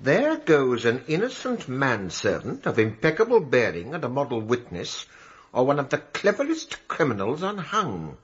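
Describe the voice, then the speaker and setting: An actor playing a dry, measured male police inspector in a vintage radio drama, clipped and understated. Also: mid-range voice, huge pitch swings. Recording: dull old radio recording with faint hiss.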